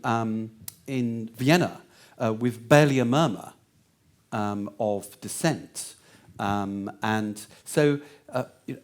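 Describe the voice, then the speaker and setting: A man giving a lecture answer, meandering with many fillers and restarts. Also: medium pitch.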